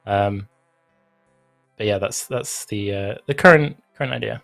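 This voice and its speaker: A man co-hosting a livestream Q&A, answering briefly and calmly with some hesitation. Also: fairly low pitch, a little slow, gravelly, soft background music. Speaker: game developer co-host. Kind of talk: livestream Q&A chat.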